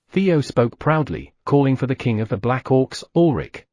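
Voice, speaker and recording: A man reading an audiobook novel in steady, scripted narration. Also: medium pitch, moderate pace, no room sound, clean studio sound. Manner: steady storytelling read.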